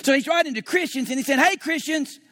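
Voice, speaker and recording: A man's voice: extremely high pitch, very fast, a bit bright. A man preaching a sermon as pastor, telling a story and acting out his own past dialogue.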